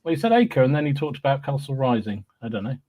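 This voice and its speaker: A man's voice: medium pitch, big pitch swings, fast, dark tone. A man hosting a podcast, cheerfully reading out live chat greetings with frequent ums and restarts. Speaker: podcast host.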